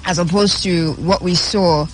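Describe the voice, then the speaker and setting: Chatty Nigerian radio host. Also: female voice, on the low side, steady tone, a little slow. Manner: chatty, stresses words by repeating them. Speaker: radio news show host. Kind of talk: radio show chat and news reading. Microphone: studio microphone.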